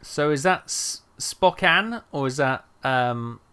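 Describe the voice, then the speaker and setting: A man's voice: mid-range voice, fairly even intonation, measured pace, fairly bright tone, clean tone. A man streaming a trucking game, rambling and thinking aloud with lots of fillers. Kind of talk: casual gameplay chat.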